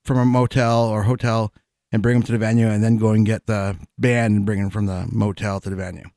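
A man's voice: lowish voice, level tone, a little fast, a little mellow, dry recording. A man co-hosting a podcast in casual chat, rambling and hesitant, often restarting his sentences. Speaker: podcast co-host.

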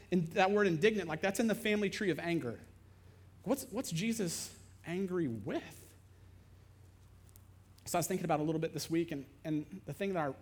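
A man's voice: fairly high pitch, slightly rough. A man preaching a sermon in a conversational, emphatic way, acting out the scenes he describes. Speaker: pastor.

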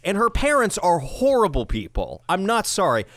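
A man's voice: sits high, wildly swooping pitch, moderate pace, a bit bright, dry recording, clean studio sound. A young man co-hosting a podcast, telling an exasperated story with lots of swearing. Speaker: podcast co-host. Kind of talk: casual storytelling chat.

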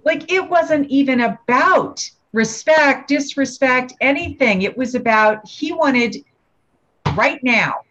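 A woman, a parenting trainer, telling personal stories in an animated way and acting out the voices. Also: mid-range voice. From United States. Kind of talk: personal storytelling in conversation. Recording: dull lo-fi sound.

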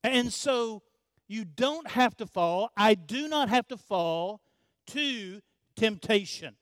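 Slow, high-voiced preaching man. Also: lively intonation, a bit bright, no room sound. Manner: emphatic and repetitive, addressing the congregation directly. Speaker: pastor. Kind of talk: sermon.

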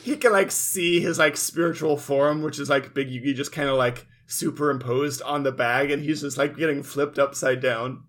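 A man's voice: fairly high pitch, fairly even intonation, moderate pace, hardly any pauses, a bit bright. A man co-hosts a comedy recap podcast in casual, rambling chat. He has a somewhat raised voice and strings his thoughts along loosely, with filler words throughout. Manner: loose, filler-heavy storytelling. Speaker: podcast co-host.

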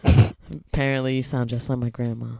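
A woman's voice: rumbling low, little pitch movement, normal speed, creaky, dark tone, no room sound. A woman co-hosting a casual chat show, talking in a wry, chatty way and laughing often. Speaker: co-host.

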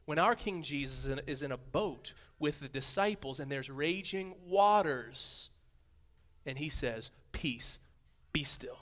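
A man in his thirties giving a sermon, conversational and playful, swinging from a hushed voice to booming emphasis. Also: lively intonation, unhurried. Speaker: pastor.

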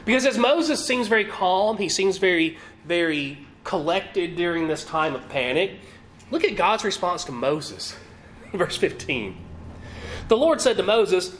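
An animated male preacher whose fairly high voice rises and falls in a lively way. He reads scripture aloud and keeps putting rhetorical questions to his listeners. Faint noise sits under the recording. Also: unhurried. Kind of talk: sermon.

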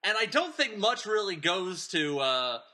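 A man sits in as podcast host, chatting casually through a film recap. His voice is very bright and sits a little high. He wanders off on digressions, restarts his sentences and keeps chuckling through them. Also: big pitch swings, measured pace. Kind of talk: casual chat.

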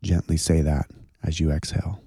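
A man leading a slow, gentle guided contemplative prayer and breathing exercise. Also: rumbling low, fairly even intonation, creaky, breathy edge, dry recording, studio quality. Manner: slow, gentle, soothing guidance.

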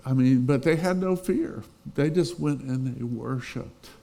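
A middle-aged man preaching a sermon as pastor, telling a personal story with swings between loud emphasis and quiet, intense moments. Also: medium pitch, unhurried, vocal fry.

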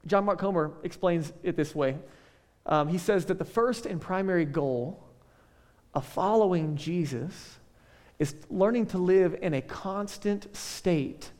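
A male pastor giving a casual, conversational sermon, full of joking asides and quick checks with the listeners. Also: fairly high pitch, darkish tone, long reverb tail.

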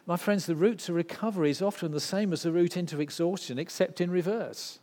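A man's voice: high-pitched, a little fast, hardly any pauses. Man preaching with dramatic volume swings. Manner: dramatic swings from loud to hushed. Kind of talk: sermon. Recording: long reverb of a hall.

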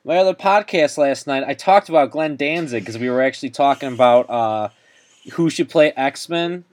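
A man's voice: mid-range voice, normal speed, a little mellow. A man in casual podcast talk, telling a story in a laid-back way with lots of ums and likes. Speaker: podcast host. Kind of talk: casual chat.

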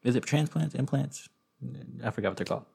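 A man's voice: mid-range voice, animated, quick pace, vocal fry, a little mellow, a little hiss or hum. A man hosting a podcast, telling stories in a casual, rambling way with frequent restarts. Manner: rambling, self-interrupting storyteller with frequent restarts. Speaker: podcast host.

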